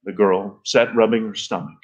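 A man reading a novel aloud in an expressive storytelling manner. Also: on the low side, moderate pace. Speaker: reader. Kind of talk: literary reading.

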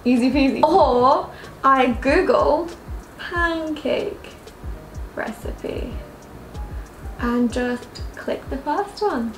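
Chatting casually in her kitchen vlog, a young woman mocks herself, laughs frequently and talks to her cat. She has a high-pitched voice, draws out her words and leaves long pauses. The kitchen sounds echoey, and lofi music plays beneath.

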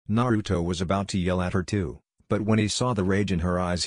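Deep-voiced man narrating fan fiction. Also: husky, no echo, clean studio sound.

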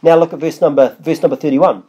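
A man's voice: on the high side, fairly even intonation, fast, dark tone. A man preaching a conversational sermon that wanders and restarts, reading long scripture passages aloud. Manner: conversational, rambling, with restarts and asides.

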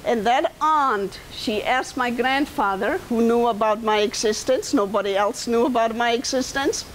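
A woman's voice: on the high side, normal speed, slight background noise, low-quality recording. A woman in her seventies with a German accent, telling her life story to an audience in a conversational way, turning to listeners with asides. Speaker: guest speaker and author.

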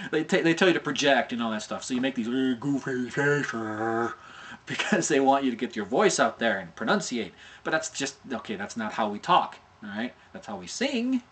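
A middle-aged man giving a casual animation tutorial, chatty and informal, often checking in with "okay?" and sounding out mouth shapes as he explains. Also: medium pitch. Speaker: animation instructor.

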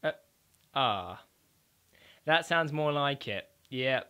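A man giving excitable, sweary commentary on his own gameplay, trash-talking as he plays. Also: mid-range voice, takes it slowly, clean tone. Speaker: gaming YouTuber.

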